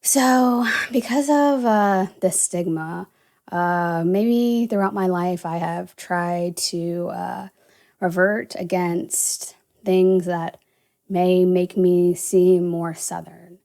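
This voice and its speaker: A woman's voice: fairly low pitch, takes it slowly, mellow. A young woman from the American South, without a Southern accent, hosting a casual solo podcast and rambling with lots of "you know" and "uh". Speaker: podcast host.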